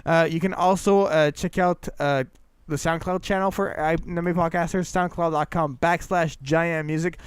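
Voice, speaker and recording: A young man from Canada hosting a casual anime podcast, excitable and laughing often, stumbling and repeating words as he talks. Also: on the high side, moderate pace, clear, resonant tone, no room sound. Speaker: podcast host.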